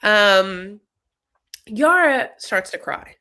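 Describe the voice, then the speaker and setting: Woman host, casual chat, rambling, filler-heavy, mid-pitched voice. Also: expressive, drawn-out words, pushed and bright. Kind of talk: casual chat recapping a reality show.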